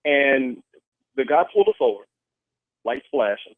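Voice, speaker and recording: A man's voice: mid-range voice, lively intonation, a little slow, no room sound. A man on a call-in show telling a personal story in an earnest way, with restarts and acted quotes. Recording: tinny phone line, dry.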